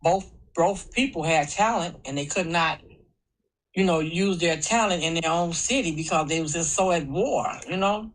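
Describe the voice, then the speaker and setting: A woman's voice: fairly low pitch, normal speed, rough recording. A woman on a speakerphone call joining an interview, earnest and talking in long run-on stretches. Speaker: phone-in guest. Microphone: phone on speaker held to a mic.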